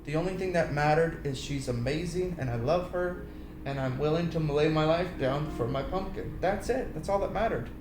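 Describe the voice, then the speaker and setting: A man's voice: fairly high pitch, moderate pace, over music. A man giving a preachy personal talk about love and marriage, telling stories animatedly and acting out voices. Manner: animated storytelling, acts out voices and sings snippets. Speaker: Christian speaker. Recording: roomy echo, faint background noise.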